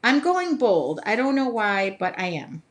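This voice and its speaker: A very animated woman with a medium-pitched voice speaks a little slowly. She's a Midwestern American hosting a relaxed painting stream, chatting with viewers, reading comments aloud, laughing often and singing snatches of songs.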